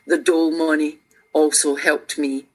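Her voice is low-pitched and slightly rough, at a measured pace. A musician guest on a radio show, she's a Scottish woman near sixty with a Glaswegian accent, telling reflective stories in conversation with earnest, animated feeling and frequent restarts.

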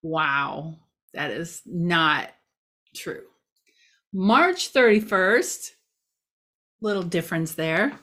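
A woman's voice: on the low side, big pitch swings, extremely slow, long pauses, pushed and bright. A woman giving a casual local news update outdoors near a parking lot, chatty and rambling, with many fillers and self-mocking asides.

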